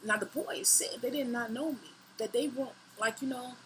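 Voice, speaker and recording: A vlogger in her twenties animatedly tells a personal story on camera, swearing freely and acting out her own lines. Her voice is on the high side at normal speed, with slight background noise and poor audio.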